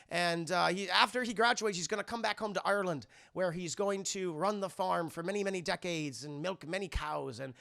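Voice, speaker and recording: High raspy guy streamer recapping a movie to chat, swears a lot, bright tone. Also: brisk, few pauses. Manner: animated, profane, talks to chat.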